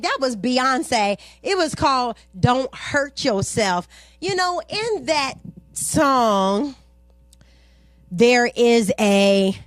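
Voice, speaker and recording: A woman's voice: on the high side, no echo. A woman hosting a radio show, talking casually to listeners with loose asides and self-corrections.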